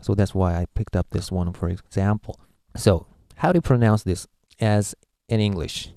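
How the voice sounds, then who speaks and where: A man's voice: fairly low pitch, moderate pace, mellow, dry recording, clean studio sound. A man from Japan, a native Japanese speaker with a Japanese accent, giving a casual language lesson, hesitant with many filler uhs as he sounds out syllables. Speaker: language teacher.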